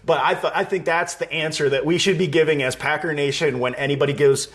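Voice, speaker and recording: A man's voice: on the high side, steady tone, fast talker, fairly bright tone. A man from Wisconsin hosting a live fan stream, chatting casually, reading viewer comments aloud and laughing easily. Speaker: live show host.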